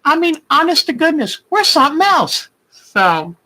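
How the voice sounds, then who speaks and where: An older woman chats live with her viewers, talking to them by name in a heartfelt, emotional way. Her voice is bright and fairly high, and she laughs often as she talks. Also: very animated, moderate pace, low-quality recording. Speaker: quilting channel host. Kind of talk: casual live chat with viewers.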